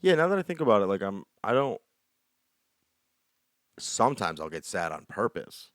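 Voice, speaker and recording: A man's voice: fairly low pitch, sing-song, normal speed, no echo, clean studio sound. A young man co-hosting a podcast in casual, rambling chat, joking and leaning hard on "like". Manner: rambling, joking, heavy use of "like". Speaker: podcast co-host.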